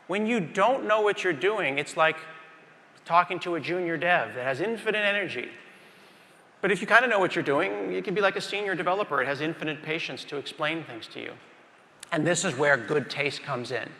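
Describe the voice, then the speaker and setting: A man's voice: a little high, fairly quick. A middle-aged man giving a conference keynote on a large stage, telling stories animatedly and talking straight to the crowd. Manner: animated storytelling, acts out scenes, addresses the crowd. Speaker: keynote speaker. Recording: reverberant conference hall.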